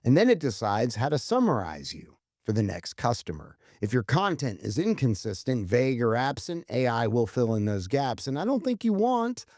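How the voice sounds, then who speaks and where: A man co-hosts a casual marketing podcast, running through numbered tips in a blunt, emphatic way and swearing freely. His medium-pitched voice swings widely in pitch, moves at a moderate pace and sounds a little mellow. The studio recording is clean, with no room sound.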